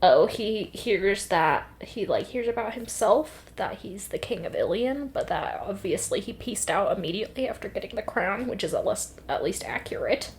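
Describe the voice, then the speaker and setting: A woman co-hosting a casual book podcast, recapping chapters in an animated, jokey way. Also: medium pitch, normal speed, hardly any pauses. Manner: lively recapping with laughs and silly voices. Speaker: podcast co-host. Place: apartment room with landscaping outside. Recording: faint yard noise outside.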